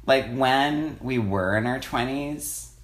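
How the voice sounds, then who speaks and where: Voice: mid-range voice, slow, roomy sound. A podcast co-host in their thirties, chatting eagerly and quizzing a guest. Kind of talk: casual chat. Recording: noisy background.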